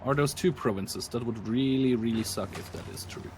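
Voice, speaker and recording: A man's voice: medium pitch, normal speed, background noise. A man co-hosting a let's play, chatting and joking casually as he plays, laughing often. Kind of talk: casual gameplay commentary.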